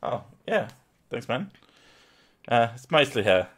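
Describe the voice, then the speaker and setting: A man's voice: medium pitch, big pitch swings, slow pace, fairly bright tone. A man hosting a casual live stream, swearing freely and laughing often at his own sarcastic remarks. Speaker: streamer host. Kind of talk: casual chat.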